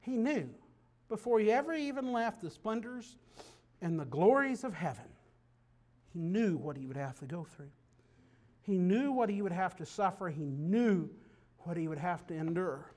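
A man preaching a sermon, dropping low and quiet then rising to loud, emphatic declarations. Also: animated, moderate pace.

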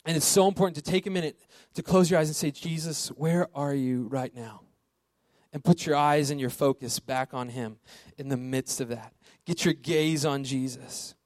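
A man's voice: on the high side, fairly even intonation, brisk, few pauses, no echo. A man preaching a sermon in a conversational way, often asking rhetorical questions and checking in with "right?". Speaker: pastor.

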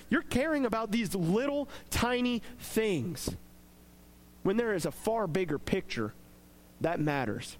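High-voiced man giving a casual devotional. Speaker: preacher.

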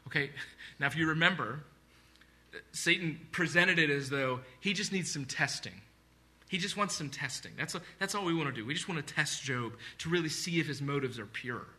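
A man's voice: on the high side, normal speed, bright, forceful tone. A man preaching a sermon, speaking earnestly and conversationally with repeated phrases and asides. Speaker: pastor.

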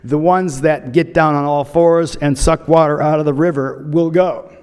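A man's voice: a little high, fairly even intonation, moderate pace, a little mellow, smooth, big-room sound. A man preaching a sermon, retelling a scripture story with humorous asides. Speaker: pastor.

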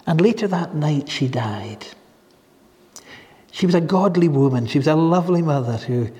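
An earnest male preacher with a fairly high, mellow voice. He speaks slowly, dwelling on key phrases as he tells his story. The sound carries a long reverb through a church hall. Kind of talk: sermon.

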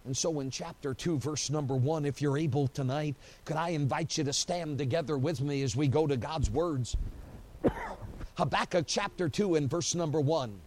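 Male pastor, somewhat high voice, lively storytelling sermon in church. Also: normal speed, a little hiss or hum. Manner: animated storytelling, acting out quotes, frequent "you know" fillers. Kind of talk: preaching a sermon. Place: church during an evening service.

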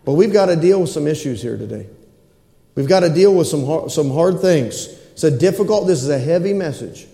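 A man's voice: on the high side, expressive, fairly quick, creaky, dark tone. A man preaching a sermon as pastor in a church sanctuary, repeating his points and calling for responses from the congregation. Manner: preaching with repetition and call-and-response. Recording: roomy echo with long reverb in a hall.

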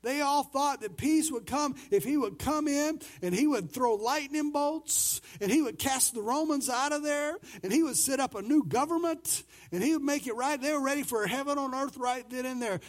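Male pastor with a high voice, preaching casually and acting out quotes. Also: normal speed, hardly any pauses. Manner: swings between loud and soft. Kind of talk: sermon.

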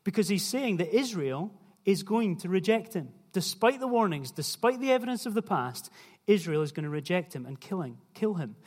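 Preacher in a reverberant hall. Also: male voice, high-pitched, very animated, normal speed. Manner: conversational, questioning the listeners. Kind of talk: sermon.

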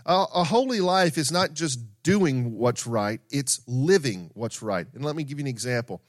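A man's voice: medium pitch, lively intonation, moderate pace, no room sound, studio quality. A middle-aged man preaching a sermon in a conversational way, with asides, repetition and everyday stories. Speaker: pastor.

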